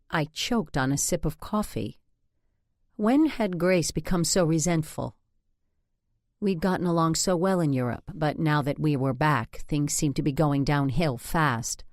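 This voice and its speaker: Low-voiced woman narrating an audiobook. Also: dry recording, studio quality. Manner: wry, measured first-person storytelling. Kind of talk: scripted narration.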